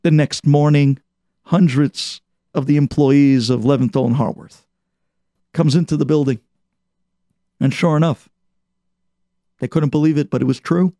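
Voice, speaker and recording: Gravelly guy preaching a story, dramatic, drops way down then builds back up, dry sound. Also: fairly high pitch, fairly even intonation, unhurried, pauses often, no echo. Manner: dramatic, swings from loud to hushed. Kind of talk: storytelling sermon.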